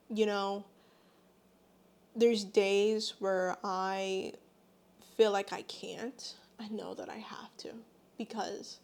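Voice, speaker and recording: A woman's voice: mid-range voice, vocal fry, darkish tone. A pregnant young woman talking earnestly and from the heart in a personal vlog, her words full of faith. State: eight months pregnant. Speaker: vlogger.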